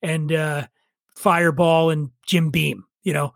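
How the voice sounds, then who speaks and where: High-voiced man telling a rambling tale. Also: fairly even intonation, takes it slowly, vocal fry, dry recording. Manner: rambling, profane, wry asides. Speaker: guest. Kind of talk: casual storytelling chat.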